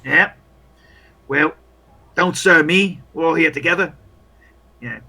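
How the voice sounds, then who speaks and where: An overly cheery wounded soldier with bandaged eyes, put on by a man running a tabletop game. He speaks in a chummy, reassuring way, voice bright and a little husky, talking up his pals. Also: fairly high pitch, slow, heavily acted.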